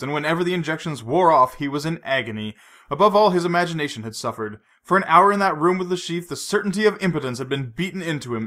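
A male narrator reads a novel aloud in a measured, steady manner. His voice is bright and forward, with a slightly tense edge. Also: a little high. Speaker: audiobook narrator. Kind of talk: scripted narration.

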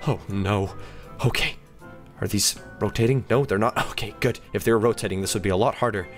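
An excitable, jokey man giving let's-play commentary on a game as its host, gasping and squealing as he plays, over faint background music. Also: lowish voice, fairly quick. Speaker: gaming video host.

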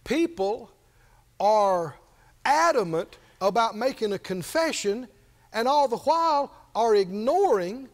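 A man's voice: very high voice, animated, takes it slowly. A man preaching a sermon as a pastor, telling a story and then pressing his point with emphasis. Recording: reverberant hall.

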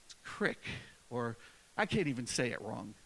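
This northern US preacher speaks at medium pitch, a touch fast, with a sing-song, gravelly, slightly rough but fairly bright voice. His sermon is casual and emphatic, peppered with fillers and frequent restarts.

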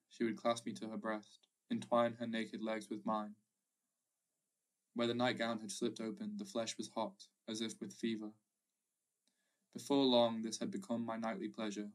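A man reading a literary short story aloud in a measured, reflective way. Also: on the low side, recorded from a distance. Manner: measured, reflective, slow pauses. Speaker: audiobook narrator. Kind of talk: literary audiobook narration.

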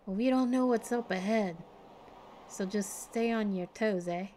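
A woman voicing a cheeky, rough-talking young girl adventurer in an attempted Australian accent. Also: medium pitch, a little slow, warm tone, a little hiss or hum, pitched above the performer's own voice, lightly acted. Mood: brash. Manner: cheeky, exclaiming, slangy.

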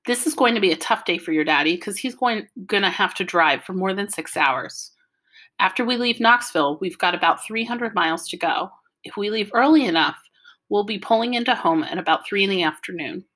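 A woman reading an audiobook, voicing a mother who calmly reads out a carefully organized plan for a family road trip. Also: medium pitch, fairly quick. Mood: planning. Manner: orderly, matter-of-fact, explaining.

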